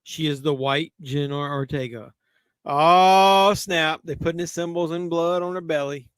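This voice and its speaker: A man's voice: fairly high pitch, level tone, a little fast, smooth, dry recording, studio quality. A man with a Southern drawl hosting a casual movie watch-along livestream, joking loosely while drinking. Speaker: livestream host.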